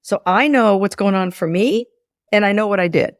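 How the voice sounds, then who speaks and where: A woman in her sixties, a former business school lecturer, explains ideas in a podcast interview and tells anecdotes, acting out the dialogue with repeated restarts like an animated storyteller. Her mid-range voice moves at a moderate pace in a studio-quality recording with no echo.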